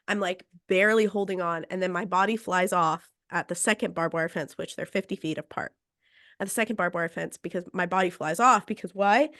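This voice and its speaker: A woman's voice: medium pitch, no echo. Woman host telling a wild story, quotes everyone, laughs a bit, mid voice, dry no room sound. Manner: lively, quotes people in the story, laughs between lines. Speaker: podcast host. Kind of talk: casual storytelling.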